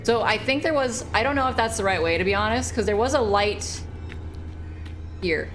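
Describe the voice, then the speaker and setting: A woman's voice: on the high side, normal speed, a bit bright, slight background noise. A woman streamer giving live gameplay commentary, exclamatory and swearing, talking back at the game.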